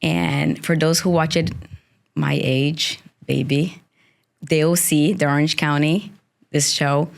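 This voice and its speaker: A woman's voice: low voice, fairly even intonation, takes it slowly, vocal fry. A woman from Brazil with a Brazilian accent co-hosting a podcast, chatting casually and telling stories with loose, nonstandard English grammar. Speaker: podcast co-host. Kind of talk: casual chat.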